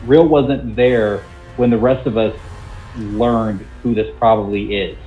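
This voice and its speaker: A man playing a tabletop game over a video call, thinking aloud quickly about the story. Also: fairly low pitch, steady tone. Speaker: player. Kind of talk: casual tabletop game chat. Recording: dull lo-fi mic with faint music.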